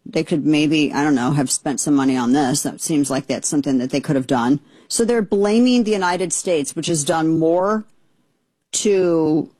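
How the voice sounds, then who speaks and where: A woman's voice: sits low, a little mellow, breathy edge, dry recording. A woman hosting political commentary, indignant and exasperated, rambling with frequent restarts. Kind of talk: opinionated commentary.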